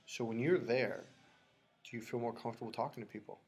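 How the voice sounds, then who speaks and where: A man's voice: mid-range voice, fairly quick, creaky, husky. A man hosting a casual on-camera interview, chatty and laid-back, asking short questions. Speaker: host.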